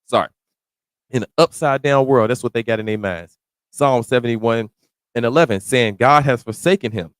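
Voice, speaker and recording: Close to the mic in a dry, deadened space with no echo, a man with a clear, resonant, medium-pitched voice preaches through a psalm verse by verse. He reads the old scripture slowly and deliberately, then explains it in loose, slangy everyday talk that sometimes rises to a shout.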